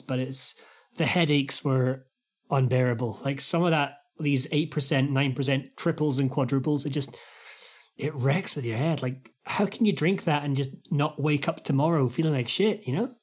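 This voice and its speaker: A man's voice: mid-range voice, moderate pace. Rambling storytelling man on a call. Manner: rambling storyteller, mimics fans loudly. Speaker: guest musician. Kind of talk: casual chat.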